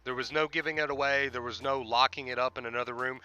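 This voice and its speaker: A man's voice: medium pitch, steady tone, fast, bright, forceful tone, clean tone, highs cut off. A man hosting a livestream, explaining with repetition and emphasis in casual talk. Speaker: livestream host and life coach.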